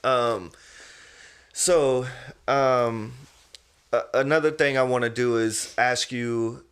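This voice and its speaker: A man's voice: medium pitch, slow, fairly bright tone. A young adult man hosting a podcast, telling stories loosely and casually, full of "you know what I mean" and "man". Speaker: podcast host. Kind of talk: casual interview chat.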